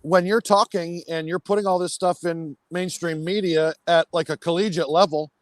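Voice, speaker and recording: A man's voice: fairly high pitch, steady tone, normal speed, no echo. A man guesting on a casual livestream, agitated and ranting angrily with constant swearing. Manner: angry, profane ranting.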